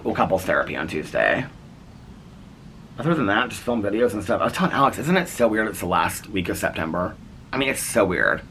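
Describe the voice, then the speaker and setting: A man's voice: on the low side, pushed and bright, slight background noise. A man in his forties chatting casually to camera at home in a rambling vlog, full of fillers and little laughs. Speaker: vlogger. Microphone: camera on tripod.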